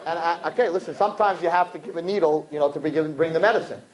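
Animated storytelling rabbi, a man. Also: fast, echoey room, lo-fi sound. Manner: animated storyteller acting out quotes, swinging loud and high. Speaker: rabbi giving a talk to young people. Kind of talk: storytelling sermon to a live audience.

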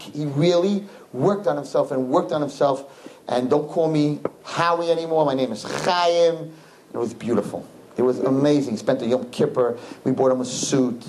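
A man, a rabbi, telling his students a story in an animated, repetitive way, with Hebrew and Yiddish words mixed in. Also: medium pitch, a little hiss or hum, low-quality recording. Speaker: rabbi teaching a class.

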